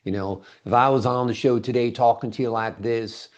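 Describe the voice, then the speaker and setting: A man hosting an interview and chatting in a relaxed, agreeable way. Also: mid-range voice, fairly quick. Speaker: interview host. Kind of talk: casual conversational interview. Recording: dull lo-fi recording.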